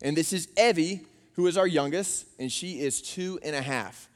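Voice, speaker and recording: Man, pastor, high voice, sermon, long hall reverb, animated storyteller. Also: normal speed. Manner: animated storytelling, acting out his daughters' voices. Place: church auditorium.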